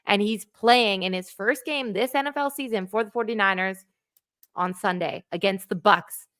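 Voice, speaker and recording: A woman's voice: mid-range voice, normal speed, a bit bright, no echo, studio quality. A woman, chatting on a livestream, enthusiastic and talkative, laughing often. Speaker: guest co-host. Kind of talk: livestream chat.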